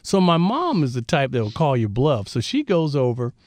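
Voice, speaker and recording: A man in his fifties from Southern California appears as an interview guest, telling stories with animation and acting out what people said. His medium-pitched voice moves at normal speed, with no room sound.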